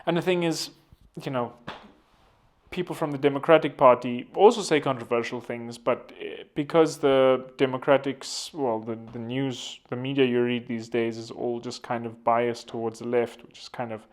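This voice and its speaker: A man's voice: medium pitch, steady tone, normal speed. A young South African man giving casual political commentary, rambling and poking fun at himself. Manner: rambling, self-deprecating joking. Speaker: vlogger.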